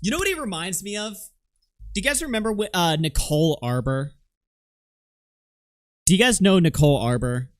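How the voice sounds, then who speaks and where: A man's voice: high-pitched, animated, moderate pace, long pauses, dry recording, studio quality. A man streaming live, reacting to clips with sarcastic, laughing commentary. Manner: mocking, sarcastic, laughs a lot.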